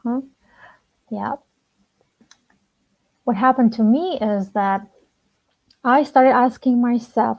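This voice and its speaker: Slow, soft-spoken woman coach. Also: fairly high pitch. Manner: slow, deliberate, soft-spoken with long pauses. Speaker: relationship coach. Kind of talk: slow personal talk to camera. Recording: dull lo-fi sound.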